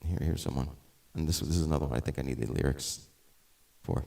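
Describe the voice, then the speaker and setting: A middle-aged man with a very low voice talks casually between songs on a live stream. He rambles, restarts his sentences and drifts off on tangents. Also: fairly even intonation, fast talker, creaky, warm tone. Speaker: musician and live-stream host.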